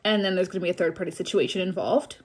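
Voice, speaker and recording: A woman's voice: on the low side, steady tone, very fast, background noise. A young woman giving a casual tarot reading on a livestream, blunt and chatty, apologizing for the bad news she delivers. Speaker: tarot reader.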